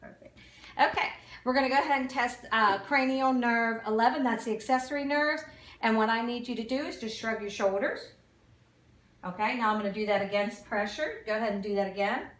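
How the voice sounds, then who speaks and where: Woman giving calm clinical instructions, echoey room. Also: fairly high pitch, a little fast, distant mic. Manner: calm step-by-step instructions with fillers. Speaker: nursing student doing an exam demo.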